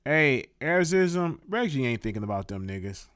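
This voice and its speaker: A man's voice: medium pitch, sing-song, moderate pace, a bit bright, clear, resonant tone, no room sound, studio quality. A man hosting a live online show, giving casual, profane commentary and repeating words for emphasis.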